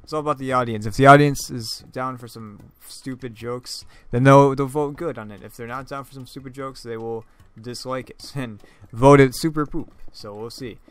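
A man's voice: medium pitch, fairly even intonation, normal speed, few pauses, clear, resonant tone, dry recording. A man giving casual, joking commentary over his own gameplay, laughing often and stumbling over his words. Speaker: gaming YouTuber.

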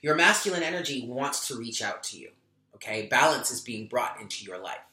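Bright-voiced man giving a candid tarot reading. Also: mid-range voice, animated, brisk, roomy sound. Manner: candid and emotional, swears casually. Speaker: tarot reader.

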